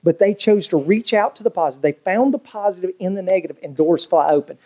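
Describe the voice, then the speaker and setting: A man, a pastor preaching a sermon in a folksy, storytelling way with big swings in pitch. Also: quick pace, warm tone, slightly rough, dull audio. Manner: folksy storytelling preacher, swooping pitch, colloquial Southern grammar.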